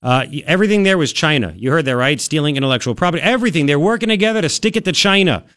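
A man hosting a talk radio show, giving sarcastic and animated commentary from a studio. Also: racing, no room sound. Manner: sarcastic, animated, jumps between high and low tones. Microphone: studio mic.

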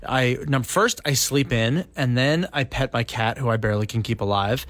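A Canadian man co-hosting a casual podcast, jokey and animated, jumping into silly voices. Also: medium pitch, moderate pace, no room sound. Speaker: podcast co-host.

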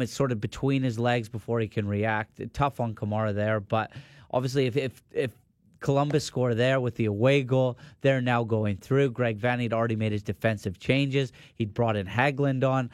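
A man's voice: medium pitch, fairly even intonation, moderate pace, a little mellow, dry recording. A man giving studio sports analysis, offering firm opinions and often restarting his sentences.

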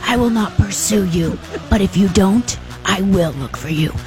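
A grim, menacing man issues slow, low threats, put on by a woman on a radio show. The words come down in pitch, measured and cold, with a quiet music bed beneath. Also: lightly acted. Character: grim middle-aged man threatening kidnappers.

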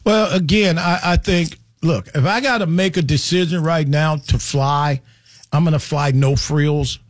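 A man's voice: on the high side, a little slow, no room sound, studio quality. A man hosting a talk show, joking and slangy, jumping into quoted voices as he tells stories. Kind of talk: comedic radio talk commentary.

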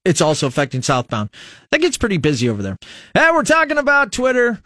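A middle-aged American man hosts a radio show in a loose, rambling way, poking fun at his own mispronunciations. His voice sits a little high for a man. The studio sound is dry and close to the mic. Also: wildly swooping pitch, fast talker, bright, forceful tone, dry recording. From United States. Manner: rambling, self-mocking, laughs at himself. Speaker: radio host. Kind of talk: casual radio chat. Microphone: studio microphone.

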